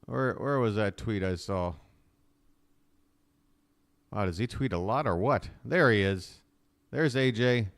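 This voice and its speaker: A man with a voice on the low side speaks slowly, leaving long pauses. He hosts a fan livestream, chatting to viewers as he watches and giving casual, rambling live play-by-play with many fillers.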